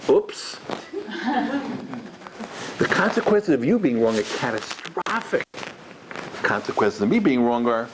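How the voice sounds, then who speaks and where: Animated rabbi with a lively voice. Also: male voice, medium pitch, moderate pace, noisy background. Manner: acts out dialogue in his stories. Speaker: rabbi and guest lecturer. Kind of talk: lively lecture with storytelling. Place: community center lecture hall.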